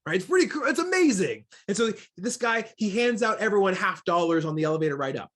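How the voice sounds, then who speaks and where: Speaking fast in a sing-song way, this Seattle man has a high-sitting voice with a fairly bright tone. He's a diversity trainer leading a workshop online, talking into his computer mic, emphatic and constantly questioning the people attending.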